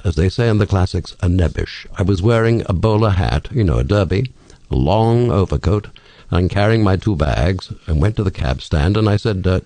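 Older British man, lively storyteller. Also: low voice, fairly quick, dry recording. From England. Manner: storytelling, witty, expressive. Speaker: radio talk host, guest. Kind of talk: radio interview. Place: radio studio.

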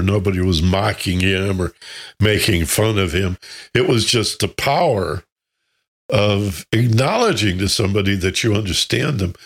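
A man's voice: lowish voice, breathy edge. A man teaching a self-development class who tells anecdotes, chuckles and asks rhetorical questions.

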